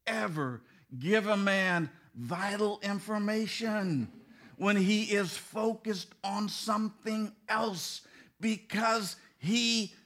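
Middle-aged male pastor, high bright voice, slow comic sermon delivery with acted-out dialogue. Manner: storytelling with mimicked dialogue, bursts of laughing emphasis. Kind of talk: humorous sermon.

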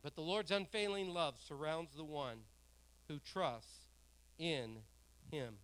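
A male pastor preaching with a high, bright, ringing voice. He throws questions out to the congregation and waits for their answers. On key phrases he slows right down and pushes them out loud. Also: smooth. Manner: preaching with swells of loud emphasis and drawn-out words; asks the congregation questions and calls for responses. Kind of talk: sermon.

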